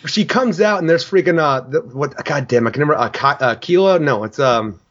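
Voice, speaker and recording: A man co-hosting a casual comic book talk show, excitable and profane. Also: on the high side, a little fast, muffled recording. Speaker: podcast co-host.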